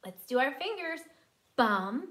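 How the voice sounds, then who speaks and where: A woman teaching preschoolers in a slow, sing-song and encouraging way, sounding out words syllable by syllable. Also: a little high, big pitch swings, a bit bright, reverberant. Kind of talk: teaching young children.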